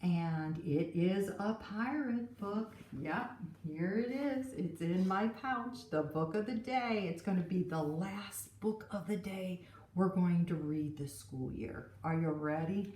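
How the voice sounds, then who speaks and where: A woman teacher reading a picture book and a Bible story to children in an animated storytelling way. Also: medium pitch. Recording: roomy, from a distance.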